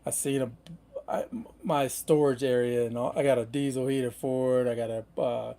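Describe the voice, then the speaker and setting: A man's voice: mid-range voice, fairly even intonation, normal speed, warm tone. A middle-aged man hosting a casual livestream, rambling in a laid-back way with lots of fillers. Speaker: van-life livestream host.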